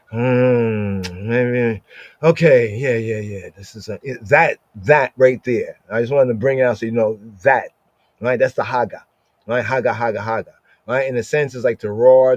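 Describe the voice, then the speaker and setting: A man's voice: mid-range voice, normal speed, no echo. A man teaching the Torah and Psalms in a morning study, repeating Hebrew words over and over and acting out the muttering of someone talking to himself. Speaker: Bible teacher. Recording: dull dry lo-fi sound.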